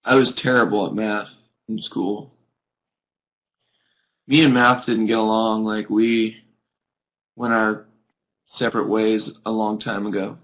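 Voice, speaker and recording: A man's voice: lowish voice, little pitch movement, slow, long pauses, a bit bright, rough recording. A sleepy young man hosting a live video chat, chatting casually with viewers in a rambling way full of "like". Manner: rambling, peppered with "like". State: sleepy, yawning.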